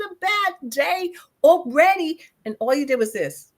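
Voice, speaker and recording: A woman's voice: high voice, a little slow. A woman co-host with a Brooklyn accent, chatting casually and playfully. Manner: animated and playful, mimics people. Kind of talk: casual chat.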